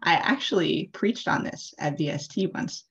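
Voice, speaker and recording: Low-voiced woman, chatty sermon storytelling. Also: animated, normal speed, gravelly, fairly bright tone. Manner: casual, chatty, many "like" and "uh" fillers. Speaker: interfaith leader. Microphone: video call. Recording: dull lo-fi video call audio.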